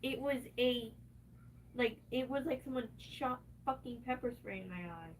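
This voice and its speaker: A woman's voice: on the high side, normal speed, far from the mic, a little hiss or hum. A distressed woman ranting on a livestream, cursing heavily and talking in an agitated, unscripted way.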